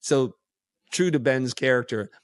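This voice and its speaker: A man guesting on a podcast, telling stories in a casual, animated way and acting out quoted dialogue. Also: mid-range voice, unhurried, dry recording, studio quality. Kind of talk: casual storytelling.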